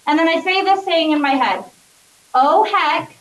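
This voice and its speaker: A woman's voice: sits high, animated, fairly quick, a bit bright. A woman math teacher giving a classroom lecture, upbeat and often checking in with her students. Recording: echoey classroom, voice from a distance.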